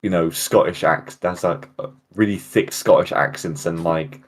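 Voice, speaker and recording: A British man chatting casually on a call, halting and full of fillers as he gives drawing tips. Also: deep voice. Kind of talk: casual chat.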